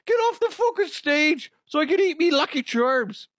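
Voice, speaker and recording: A man's voice: sing-song, normal speed, fairly bright tone, no echo, clean studio sound, exaggerated voice. A man putting on a cocky, crude Irish male fighter with a mock Irish accent. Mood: brash. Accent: Irish, put on. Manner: brash, swaggering, high-pitched.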